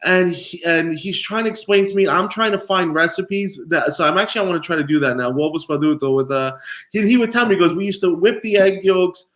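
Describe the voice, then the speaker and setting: A man from New York, a guest pizzaiolo, telling stories in a relaxed interview and laughing often. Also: on the high side, fast talker. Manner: animated storyteller, laughs often. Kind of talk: casual interview chat.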